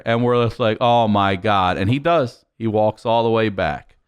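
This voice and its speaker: A man telling a wild story in animated, profane style on a podcast, often laughing as he goes. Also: lowish voice, moderate pace, clean tone. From Baltimore, USA. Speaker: podcast guest.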